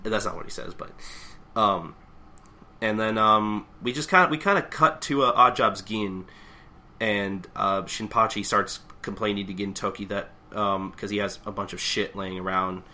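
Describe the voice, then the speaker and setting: A man co-hosting a podcast, casually recapping a manga chapter and acting out characters' lines with animated delivery. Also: lowish voice. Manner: animated, acts out characters' lines in quick voices. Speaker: podcast co-host.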